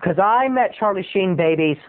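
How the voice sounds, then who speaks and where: A man telling a comic story as a show host in a theatrical way, his voice often jumping up into high squeaks. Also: expressive, normal speed. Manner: theatrical, with sudden high squeaky jumps in pitch. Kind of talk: comedic storytelling monologue. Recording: tinny lo-fi tape recording.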